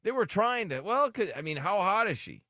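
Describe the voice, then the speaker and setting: A man's voice: high-pitched, big pitch swings, normal speed, pushed and bright, no echo, clean studio sound. A man hosting a morning radio show, joking and telling playful stories in casual banter.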